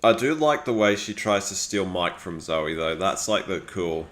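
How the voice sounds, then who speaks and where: A man's voice: deep voice, lively intonation, normal speed, a bit bright. A man giving casual live-stream commentary, rambling with lots of fillers and restarts.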